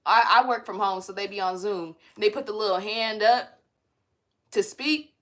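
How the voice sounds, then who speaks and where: A woman's voice: on the high side, moderate pace, a bit bright. A young woman hosting a spiritual self-help talk from home, mixing blunt, profane, laughing chatter with read-aloud guidance. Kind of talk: casual spiritual pep talk to viewers.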